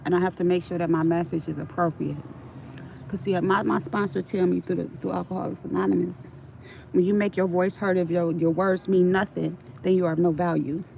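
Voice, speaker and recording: Middle-aged woman, gravelly voice, livestream storytelling, frank and streetwise, swears freely. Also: on the low side, little pitch movement, brisk, mellow, a little hiss or hum, low-quality recording.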